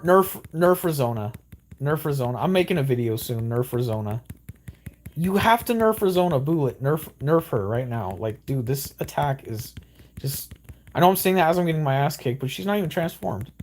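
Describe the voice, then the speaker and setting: A young man giving excitable, rambling gameplay commentary with exaggerated outbursts. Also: fairly high pitch, slight background noise. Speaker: gaming YouTuber.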